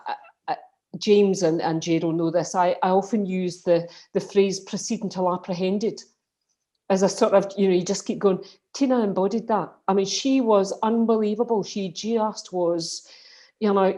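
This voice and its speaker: A woman's voice: medium pitch, mellow. Scottish woman guest, emphatic and passionate, heard over a video call. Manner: passionate, emphatic, quick restarts. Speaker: guest speaker, colleague. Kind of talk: casual remembrance conversation.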